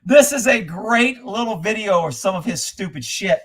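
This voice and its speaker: High-voiced guy on a livestream swearing and mocking, yells sometimes, laughs at clips in disbelief. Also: expressive, normal speed, husky. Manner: profane, mocking, bursts into shouting. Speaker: livestream host. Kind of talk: angry political commentary.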